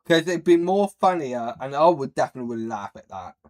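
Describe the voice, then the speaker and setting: A man rambles through a loose reaction stream, swearing freely and tripping over his own words. His voice sits at an ordinary middle pitch, neither high nor low. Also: expressive, brisk. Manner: crude, rambling and laughing at his own slips. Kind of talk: casual reaction commentary.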